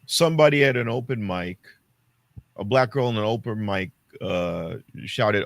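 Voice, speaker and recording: A man co-hosting a casual podcast chat, telling stories from stand-up with lively, acted-out quotes. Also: fairly low pitch, moderate pace, dry recording. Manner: animated storyteller acting out quotes. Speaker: podcast co-host and stand-up comic.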